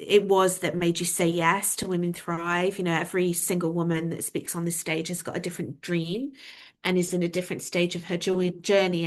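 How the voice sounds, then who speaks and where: A woman hosting a live awards ceremony, effusive and full of filler words. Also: on the low side. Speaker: host.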